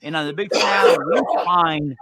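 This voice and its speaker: A man hosting a casual paranormal talk show, joking and telling stories with animated delivery. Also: on the high side, normal speed, heavy background noise. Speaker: podcast host. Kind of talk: casual chat.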